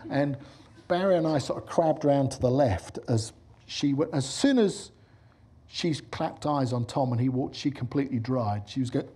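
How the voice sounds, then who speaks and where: A middle-aged man giving a lecture in a husky voice with a medium pitch. He tells his stories with animated energy and acts out the voices of the people in them. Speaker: film director giving a lecture. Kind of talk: lecture with lively anecdotes.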